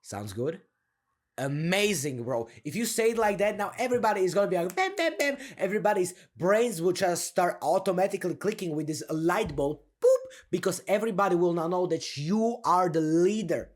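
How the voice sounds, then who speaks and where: A young man talks fairly quickly, casually coaching listeners to sound confident. He's upbeat and slangy, breaks into laughter often, and demonstrates a low, down-turned manner of speaking.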